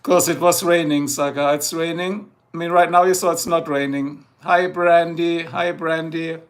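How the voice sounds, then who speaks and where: A man's voice: a little high, fairly even intonation, moderate pace, a little hiss or hum. A middle-aged man with a German accent, a native German speaker, rambling and joking with his chat viewers during a casual livestream.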